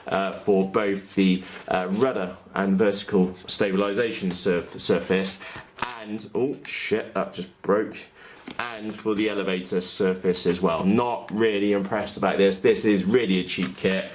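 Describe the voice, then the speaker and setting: A man's voice: sits low, fairly even intonation, unhurried, a little hiss or hum. Chatty man unboxing on a workbench. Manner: chatty, blunt, frequent uh fillers and self-corrections. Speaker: RC model hobbyist vlogger. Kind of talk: casual unboxing commentary.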